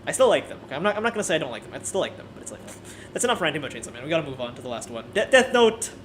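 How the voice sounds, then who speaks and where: A man giving a casual, animated and profane ranting review, often restarting his sentences. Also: a little high, very fast, slight background noise. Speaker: anime video creator.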